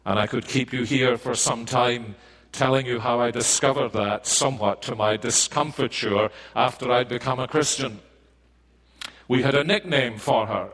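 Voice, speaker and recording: A man with a Scottish accent preaching a sermon in a measured, deliberate way, pausing often and lifting his voice for emphasis. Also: medium pitch, fairly bright tone, low-quality recording. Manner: measured, deliberate delivery with pauses.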